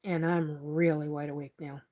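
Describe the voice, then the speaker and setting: A woman's voice: low-pitched, level tone, moderate pace, mellow. A woman hosting a live stream, chatting casually and reading out viewer comments, cursing freely when riled. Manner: chatty, swears when angry.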